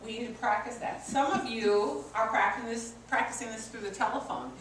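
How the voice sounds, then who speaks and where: In a meeting room with an audience, a woman customer service coach presents a workshop, her voice a little high, fairly bright, and a little fast. Her teaching is conversational and full of personal stories. The recording picks her up from far off in an echoey space, with faint ambience and slight background noise.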